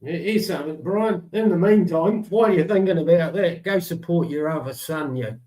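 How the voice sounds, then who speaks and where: A man's voice: fairly high pitch, moderate pace, dark tone, roomy sound. A man on a video call as a guest on a live stream, speaking in an angry, blunt and insulting way.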